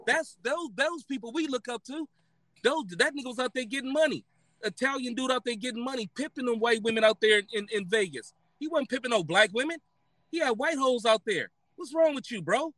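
A high-voiced American man in a heated argument, with a bright, cutting edge to his voice. He is loud and combative, repeats himself as he hammers his points, and swears freely. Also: fairly quick, dry recording. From United States. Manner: loud, combative, repetitive, profane.

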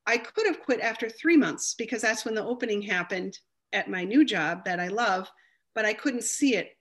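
A woman talking as a guest in a casual interview, telling her story with animated energy and acting out the voices of other people. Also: mid-range voice, moderate pace.

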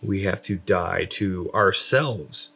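A man's voice: low-pitched, takes it slowly, vocal fry, husky. A man talking casually about faith with his wife, rambling with lots of fillers and restarts. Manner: rambling, many fillers, self-described loud.

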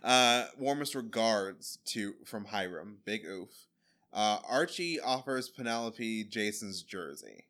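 Bright-voiced man hosting a chatty podcast. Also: fairly low pitch, expressive, slow pace. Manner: rambling, joking, paraphrases scenes. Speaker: podcast host. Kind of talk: casual chat recapping a TV episode.

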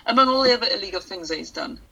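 A woman's voice: mid-range voice, expressive, rapid-fire, vocal fry, crowd noise, rough recording. A woman chatting casually, musing and thinking aloud with hesitations. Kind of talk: casual chat.

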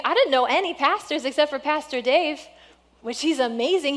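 A woman pastor preaching a sermon in a church, earnest and exhorting, often dropping to a soft hush. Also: high-pitched. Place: church sanctuary.

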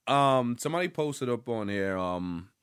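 A man hosting a podcast, giving casual, rambling pop-culture commentary full of swearing and sudden bursts of excitement. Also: medium pitch, unhurried, smooth, no room sound, clean studio sound. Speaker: podcast host.

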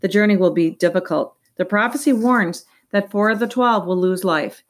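A woman's voice: medium pitch, moderate pace, lightly acted. A woman doing a grave old council elder. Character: older man leading a council, formal and grave.

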